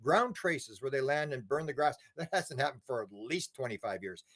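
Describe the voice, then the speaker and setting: A man's voice: medium pitch, expressive, normal speed, fairly bright tone. A man being interviewed, telling long rambling stories, repeating words and acting out quotes. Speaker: interview guest. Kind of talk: casual interview talk.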